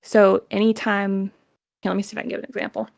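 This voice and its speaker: A woman's voice: mid-range voice, little pitch movement, fast, gravelly, dry recording, studio quality. A woman voice actor chatting casually as a guest, explaining with examples and laughing easily. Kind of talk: casual chat.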